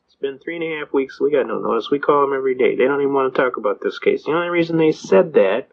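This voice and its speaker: An older man, an attorney, lecturing and telling folksy courtroom stories in which he acts out the judge, the cop and the defendant, chuckling as he goes. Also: a little high. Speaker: constitutional attorney speaker. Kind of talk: anecdotal lecture with acted quotes. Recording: dull lo-fi recording.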